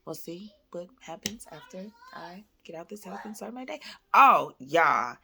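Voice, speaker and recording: A woman, chatting with viewers at home in a casual faith-based vlog, animated and calling them y'all. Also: on the low side, measured pace, creaky. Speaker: vlogger, mother. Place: at home, indoors.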